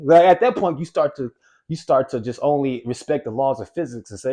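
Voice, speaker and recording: A man giving a casual, motivational talk to camera as a weight-loss coach, repeating key phrases and slowing down to stress single words. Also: on the high side, animated, warm tone.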